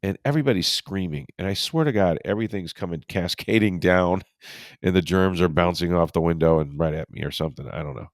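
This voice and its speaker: A man with a very low voice, thick and stuffy from a cold, trading wry, grumbling sports banter. The sound is dry and close, with no room around it. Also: brisk, no room sound. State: congested from a cold. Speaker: podcast co-host. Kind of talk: casual sports chat.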